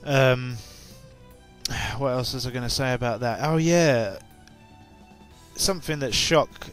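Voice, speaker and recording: Here a young man from England, a YouTuber with an English accent, chats slowly and loosely to his viewers, full of fillers and restarts. The voice is medium-pitched and a bit bright, with faint music behind. He sounds just-woken tired and hiccups along the way.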